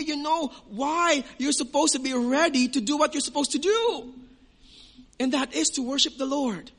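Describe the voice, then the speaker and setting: Slow, high-voiced male pastor preaching. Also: fairly bright tone. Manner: emphatic preaching with rhetorical questions and long pauses. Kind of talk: sermon.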